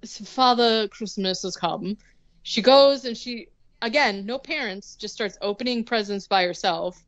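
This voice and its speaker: A woman's voice: medium pitch, unhurried, dry recording, lo-fi sound. Sarcastic young woman rambling through a recap. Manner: rambling, sarcastic, heavy use of "like" and swearing. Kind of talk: casual chat recapping a movie.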